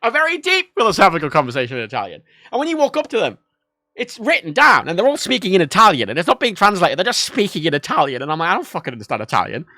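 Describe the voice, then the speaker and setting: A man riffs loosely on a livestream, doubling back to fix himself and dropping swears as he goes. His voice swings widely in pitch and has a bright, pushed edge. The sound is dry and close, with no room around it. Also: wildly swooping pitch, fast talker, dry recording. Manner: rambling, self-correcting, swears freely. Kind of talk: casual livestream chat about games.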